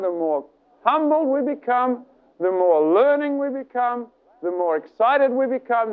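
Animated male preacher, tinny sound. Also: high voice. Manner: animated storytelling, acts out voices. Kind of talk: sermon with retold story.

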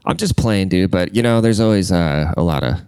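A congested man rambles through a profane, offhand rant. His voice sits low and comes across smooth and resonant despite the stuffiness. The room sound is dry and close. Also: animated, fairly quick, darkish tone, no room sound. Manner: crude, rambling, swears constantly.

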